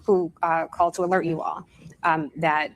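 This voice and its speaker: A woman hosting an interview who asks measured questions and lays out the timeline of events. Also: deep voice, steady tone. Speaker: interviewer, host.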